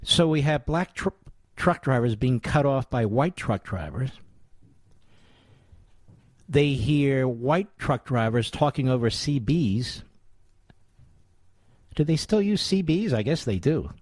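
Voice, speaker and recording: Animated sarcastic man in his sixties. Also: mid-range voice, slow, pauses often, no echo. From United States. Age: 60s. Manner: combative, sarcastic, rhetorical questions. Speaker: radio talk show host. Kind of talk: political commentary.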